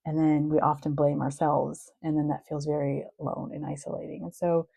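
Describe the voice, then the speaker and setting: A woman's voice: deep voice, little pitch movement, brisk, gravelly, warm tone, husky, no echo, rough recording. A middle-aged woman, a marriage and family therapist, talking candidly and reflectively about her own experiences. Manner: reflective, earnest, openly sharing. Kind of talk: candid personal talk.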